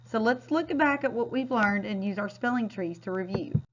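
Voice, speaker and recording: A woman teacher giving a recorded phonics lesson, modeling words clearly and patiently. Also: a little high, normal speed, slight background noise. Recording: dull, lo-fi sound.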